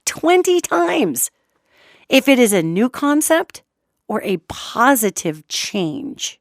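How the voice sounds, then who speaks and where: A woman host talking through a podcast monologue with a lively, swooping pitch, chatty and emphatic, repeating her points and swearing now and then. Her voice sits close and dry. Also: slow pace, no room sound. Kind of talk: talk show monologue.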